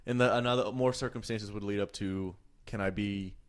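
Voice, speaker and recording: A man's voice: lowish voice, brisk, clear, resonant tone. Man chatting loosely as podcast host. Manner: animated storyteller, acts out voices in retelling. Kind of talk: casual chat.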